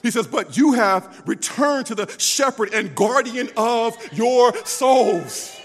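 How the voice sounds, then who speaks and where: A man with a high voice preaches slowly and deliberately, letting his words ring out in a church hall with a long echo. He swings from fervent cries down to near-whispers. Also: animated, faint music behind. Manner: impassioned, swings from loud cries to hushed tones. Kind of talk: sermon.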